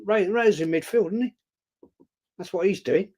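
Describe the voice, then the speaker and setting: A high-pitched man chats casually on a live stream, reading viewer comments aloud and answering them bluntly while calling everyone mate. His voice is a little mellow, at normal speed, and his manner is outspoken and chatty.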